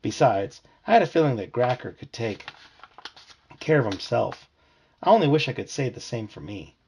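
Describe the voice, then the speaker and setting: A man's voice: medium pitch, normal speed, slight background noise. A man reading a children's book aloud to his family, telling it expressively. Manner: expressive storytelling.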